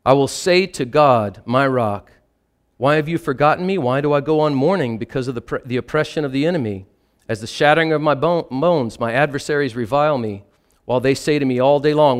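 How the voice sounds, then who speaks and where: A man preaching a sermon, reading psalm verses slowly with pauses and then explaining them plainly. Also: mid-range voice.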